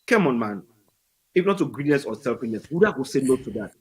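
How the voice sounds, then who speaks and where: A hoarse Sierra Leonean man, a guest on a talk show, telling a story with excitement and mixing Krio into his English. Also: mid-range voice, quick pace, low-quality recording. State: hoarse after losing his voice. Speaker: guest, party supporter.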